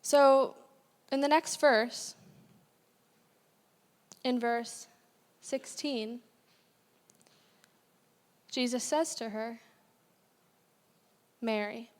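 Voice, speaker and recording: A young woman with a slightly high voice gives a sermon in a church, talking plainly and candidly and breaking off into asides. Her voice rings out in a long, hall-like reverb. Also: drawn-out words, long pauses. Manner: candid, conversational preaching with asides and self-corrections. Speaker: guest speaker. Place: church sanctuary.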